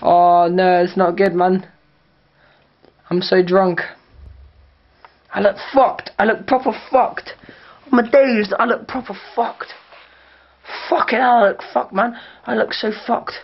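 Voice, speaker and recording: A man's voice: high voice, level tone, takes it slowly, long pauses. Drunk young man, slurred and boastful, talking to his camera on muffled lo-fi audio. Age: young adult. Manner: slurred boastful slang-heavy rambling. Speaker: vlogger. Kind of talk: casual drunk vlog.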